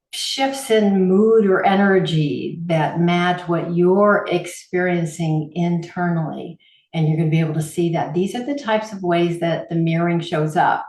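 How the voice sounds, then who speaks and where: A woman guest, a holistic healer, telling stories in an interview and acting out the people she quotes. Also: fairly low pitch. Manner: animated, acts out quoted voices. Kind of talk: interview storytelling. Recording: roomy echo.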